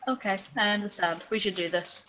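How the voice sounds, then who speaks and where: Casting: playful female player, mid-pitched, casual table talk. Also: a little fast, fairly bright tone, slight background noise, rough recording. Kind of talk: casual tabletop game chat.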